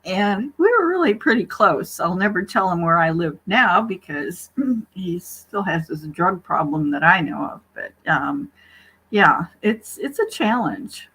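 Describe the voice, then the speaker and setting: A woman's voice: fairly low pitch, expressive, measured pace, a bit bright, husky, low-quality recording. A middle-aged woman from the US Gulf Coast telling a story in a casual group chat, breaking into laughter often. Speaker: participant in an online group chat.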